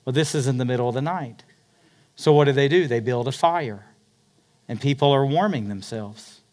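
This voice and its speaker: A man preaching a sermon, retelling a story dramatically, swinging between loud emphatic peaks and hushed, quiet passages. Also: medium pitch, moderate pace. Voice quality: dramatic storyteller, rising to near-shouts then dropping to hushed tones. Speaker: pastor.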